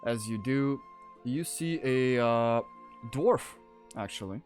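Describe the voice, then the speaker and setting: A man narrating as game master in a tabletop game, unhurried and laughing often. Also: mid-range voice, faint music behind.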